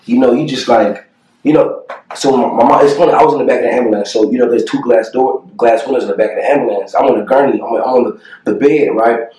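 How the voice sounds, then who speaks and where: A young man telling a painful personal story to the camera, earnest and halting, with many fillers and pauses. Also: mid-range voice, mellow, far from the mic. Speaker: family vlogger. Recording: echoey room, voice a bit off-mic.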